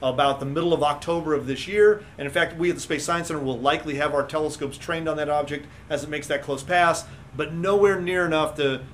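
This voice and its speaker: A man's voice: on the high side, fast talker, hardly any pauses, fairly bright tone, a little hiss or hum. A man from a space science center explaining asteroids and comets in casual radio chat, eager and prone to stammering restarts.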